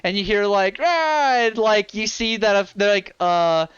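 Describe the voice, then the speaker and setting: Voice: medium pitch, steady tone, moderate pace, a bit bright, smooth, no echo, muffled recording. A game master narrating a tabletop game in a casual, rambling way full of fillers. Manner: casual, filler-heavy storytelling. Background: ambient fantasy music.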